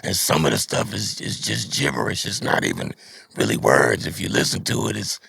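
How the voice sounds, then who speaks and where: A man's voice: big pitch swings, a little fast, a bit bright, no echo, studio quality. A middle-aged man, a rapper from Dallas, telling stories in a reflective, casual interview, often repeating his words as he searches for them. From Dallas, Texas. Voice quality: deep gravelly husky voice. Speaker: rapper guest.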